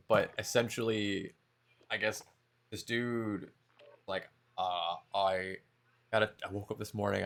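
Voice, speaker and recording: Male streamer, casual chat, low fry-heavy voice. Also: a bit bright. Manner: loose, swears casually, laughs often.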